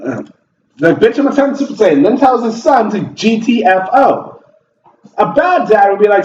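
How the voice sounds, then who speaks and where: A man's voice: sits high, very animated, moderate pace, darkish tone, roomy sound, distant mic, highs cut off, slight background noise. A man hosting a gaming video, ranting in heated, profane commentary while he plays. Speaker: gaming channel host.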